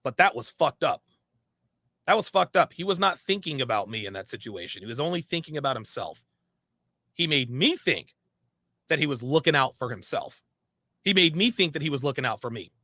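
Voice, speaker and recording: A man's voice: medium pitch, sing-song, fairly quick, bright, forceful tone, no echo. A man speaking frankly in a monologue, repeating phrases for emphasis. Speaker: online commentator. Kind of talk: candid monologue.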